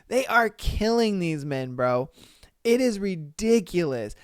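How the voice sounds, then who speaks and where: Slow-talking, exclaiming male podcast host. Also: on the high side, clean tone, no room sound, clean studio sound. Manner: exclaiming, slangy, calls listeners bro. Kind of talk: casual reaction commentary.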